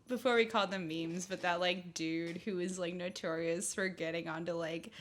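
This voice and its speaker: A woman's voice: fairly low pitch, fairly even intonation, moderate pace. A woman guest in a casual chat who tells stories animatedly and acts out the quotes.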